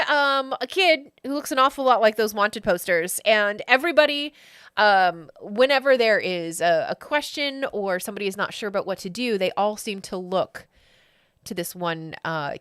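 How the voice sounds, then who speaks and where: A woman narrating a tabletop game as game master, chatty and quick to laugh at herself. Her voice sits at a medium pitch and is recorded dry and close. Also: a bit bright, clear, resonant tone, no room sound.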